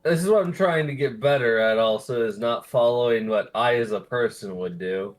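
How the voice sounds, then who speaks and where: A man's voice: mid-range voice, normal speed. A young man playing a character in a tabletop game, chatting casually, swearing and poking fun at himself. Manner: swears casually, self-mocking. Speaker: player.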